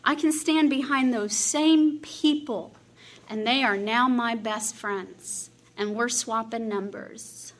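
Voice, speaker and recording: A woman from Dallas, giving an animated recovery meeting share, laughing often and acting out her own past dialogue. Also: fairly high pitch, slow pace. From Dallas, Texas. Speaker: AA speaker.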